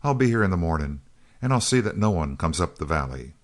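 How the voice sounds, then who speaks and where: A man reading the lines of a cool, easygoing young male outlaw recruit who talks calmly. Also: lowish voice, fast, pitched above the performer's own voice, lightly acted. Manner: calm, easy drawl.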